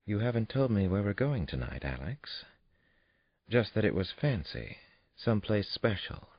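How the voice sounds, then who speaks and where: A male audiobook narrator voicing an elegant adult woman who speaks softly and with curiosity. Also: lowish voice, sing-song, normal speed, dry recording, voice pushed up. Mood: curious. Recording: dull, muffled studio read.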